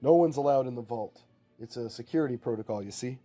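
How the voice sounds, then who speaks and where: Man playing a fussy bank teller, hesitant, stiff, mellow voice. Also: medium pitch, fast talker, faint music behind, close to an everyday voice.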